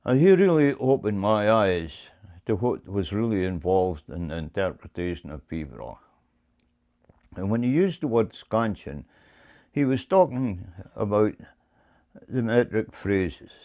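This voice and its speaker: A man explains bagpipe music slowly. His pitch rises and falls a lot, and he repeats words as he thinks his way through each point. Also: sing-song, dark tone. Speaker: bagpipe teacher. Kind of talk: explaining to camera.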